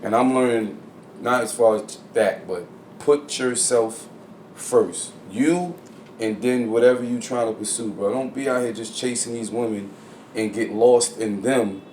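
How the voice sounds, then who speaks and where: Slangy dude cohosting a podcast, blunt, gets loud when heated, roomy echo, faint noise. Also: male voice, mid-range voice, measured pace. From New Jersey. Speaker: podcast co-host. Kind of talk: casual chat. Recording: echoey room with faint ambient noise.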